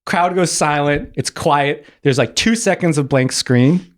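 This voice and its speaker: A man's voice: on the high side, a little slow. A man, an animator guest on a podcast, telling a story casually with lots of fillers and acted-out quotes. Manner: animated, acts out quotes, many filler likes.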